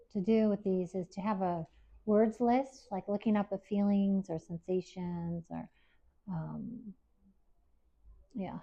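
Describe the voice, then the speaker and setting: A woman presenting a workshop to a live audience at an expo, speaking gently and encouragingly. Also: medium pitch, gravelly. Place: event hall with live audience. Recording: dull lo-fi recording.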